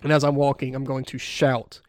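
A man's voice: mid-range voice, monotone, brisk, a crowd in the background. A man playing a tabletop game, easygoing, describing his character's actions step by step. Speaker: player. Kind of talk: tabletop role-play chat.

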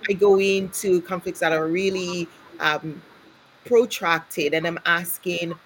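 Female host and conflict analyst, attentive and affirming, notably deep voice. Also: steady tone, unhurried, slight background noise, poor audio. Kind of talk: conversational interview.

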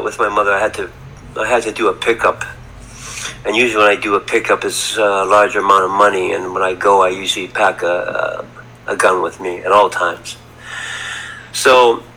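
A man's voice: deep voice, pushed and bright, low-quality recording. A middle-aged man telling a story as a podcast guest, rambling and repeating words, from Canada. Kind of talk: casual storytelling. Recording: faint background ambience.

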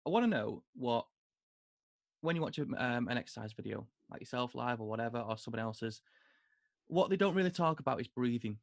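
A man's voice: mid-range voice, expressive, vocal fry, dry recording. Host guy, jokey and rambly, dry close mic. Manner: chatty, full of fillers, quick to joke. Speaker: podcast host. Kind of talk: casual podcast chat.

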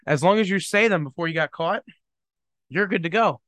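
A young man hosting his own podcast, thinking out loud in a rambling, self-deprecating and joking way. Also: high voice, brisk, dry recording. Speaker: podcast host. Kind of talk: casual solo podcast monologue.

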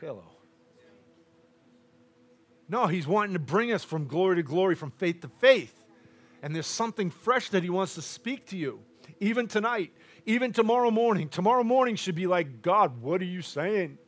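A man preaching a sermon to a congregation, loud and boisterous at times and dropping to a near hush at others. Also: high voice, lively intonation, normal speed, pauses often.

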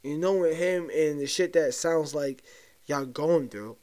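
A man's voice: fairly high pitch, measured pace, a little mellow. Profane young man ranting casually. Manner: loose, profane, conspiratorial, talks straight to listeners. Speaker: podcast host. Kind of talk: casual solo podcast rant.

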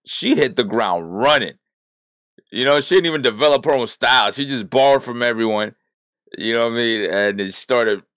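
A man's voice: mid-range voice, lively intonation, normal speed, a bit bright, dry recording, studio quality. A man giving a blunt, exasperated reaction rant about politics, swearing freely as he talks. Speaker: political commentator reacting to a clip.

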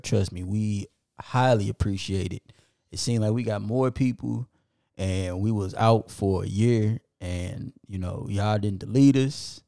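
A man's voice: lowish voice, vocal fry, mellow, dry recording, clean studio sound. A man co-hosting a podcast, casually reading out listener locations and apologizing when he stumbles over foreign names. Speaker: podcast co-host.

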